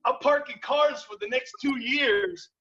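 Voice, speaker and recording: A former football player telling animated, laughing stories in a casual group video chat. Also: male voice, very high-pitched, a little slow, lo-fi sound.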